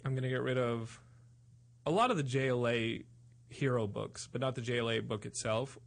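A man hosting a podcast in casual chat, rambling and excitable. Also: mid-range voice, normal speed, gravelly. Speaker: podcast host.

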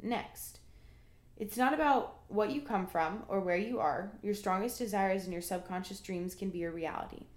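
A woman's voice: medium pitch, normal speed, darkish tone. A young woman hosting a casual solo podcast, talking in an earnest, motivational, chatty way with many fillers. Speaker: podcast host. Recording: echoey room.

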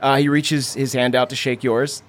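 A man's voice: mid-range voice, moderate pace. Man narrating a tabletop game. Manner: relaxed, hesitant narration with many fillers. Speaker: game master.

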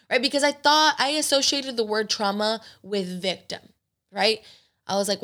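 Gravelly earnest woman in her twenties. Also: medium pitch, brisk, pushed and bright. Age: 20s. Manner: earnest, emotional, swears casually. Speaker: podcast host. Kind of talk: candid personal talk.

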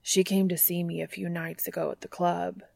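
A woman reading fan fiction aloud and voicing a guarded, teasing young man in a low, hushed, wry tone. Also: little pitch movement, moderate pace, creaky.

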